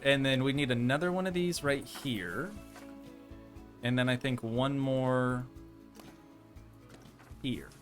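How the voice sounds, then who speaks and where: A man with a mid-range voice streams a park-building game, speaking slowly with long pauses as he chats casually and playfully with viewers in rambling asides. Faint music plays in the background of this laid-back livestream.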